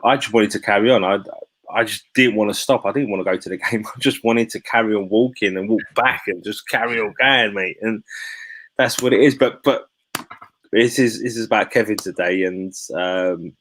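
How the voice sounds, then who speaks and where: Male host, emotional and chatty, low pitch, dry recording. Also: normal speed, fairly bright tone, no echo, poor audio. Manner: chatty, emotional, slangy, many restarts. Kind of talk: live chat show.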